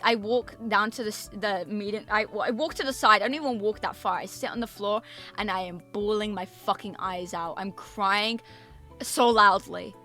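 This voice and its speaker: A woman streamer telling a story in a casual chat, animated and emphatic, swearing freely and repeating herself. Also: medium pitch. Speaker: VTuber streamer.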